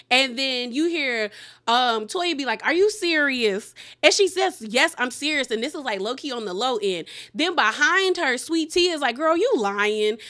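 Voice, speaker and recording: A woman casually recapping a reality show, animated and laughing often, quoting people in sassy asides. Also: sits high.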